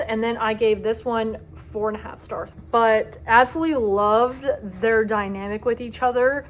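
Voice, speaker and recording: A woman's voice: on the high side, slight background noise. A young woman giving a casual book review vlog, dramatic and gushing about the stories she loves. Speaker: book vlogger.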